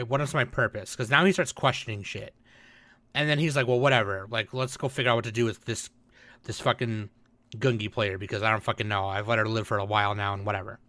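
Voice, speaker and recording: Male podcast co-host, bright edgy tone, dry close mic, lively storyteller who swears. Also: medium pitch, no room sound. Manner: animated storytelling, acts out quotes, swears. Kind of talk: casual chat.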